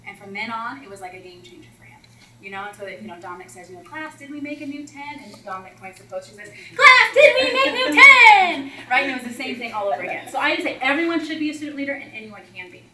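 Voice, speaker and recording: Speaking very fast in a slightly high voice, a woman who coaches teachers shares classroom stories with them in a workshop talk, animatedly performing the kids' voices. The low-quality recording sounds roomy and far from the mic.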